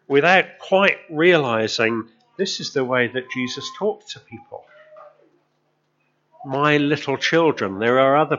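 A man giving a sermon in a relaxed, storytelling way, often asking his listeners questions. His voice sits at a middle pitch. The recording sounds dull and lo-fi. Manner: conversational storytelling, asks the congregation questions. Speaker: preacher.

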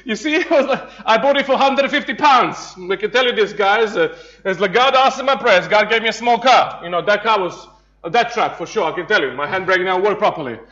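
A man preaches a light, joking sermon in a high, bright voice. He stumbles through restarts and chuckles as he tells his stories. The recording sounds dull and lo-fi. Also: brisk. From Serbia. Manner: jokey storytelling, laughing, many restarts. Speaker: pastor. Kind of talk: humorous sermon.

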